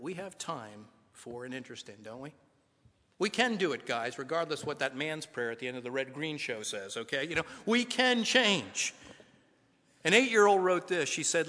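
Bright-voiced man preaching in a reverberant hall. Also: on the high side. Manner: earnest, conversational preaching with rhetorical questions. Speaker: pastor. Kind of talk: sermon.

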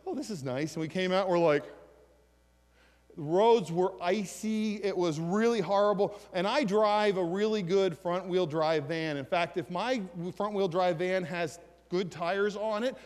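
A man preaches with energy, reading verses and asking his listeners questions. His voice sits fairly high. The sound rings with a long hall reverb. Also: clean tone. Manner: animated preaching, reads scripture aloud, asks the congregation questions. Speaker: pastor. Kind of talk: sermon.

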